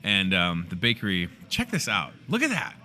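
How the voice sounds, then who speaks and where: A man's voice: low-pitched, huge pitch swings, normal speed, pushed and bright. A young man, hosting a store's daily show in a grocery store with a chatty, joking manner. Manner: chatty, playful, joking asides. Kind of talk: casual promotional chat.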